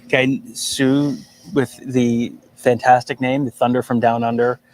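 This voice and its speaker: A man's voice: mid-range voice, little pitch movement, measured pace, darkish tone, a little hiss or hum, low-quality recording. A man co-hosting a casual live sports stream, joking around and reading out viewer comments. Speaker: co-host.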